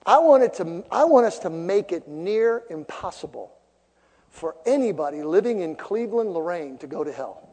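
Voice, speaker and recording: A man preaching a sermon to a congregation, emphatic, building to loud rising peaks. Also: high-pitched, big pitch swings, normal speed. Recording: long reverb of a large hall.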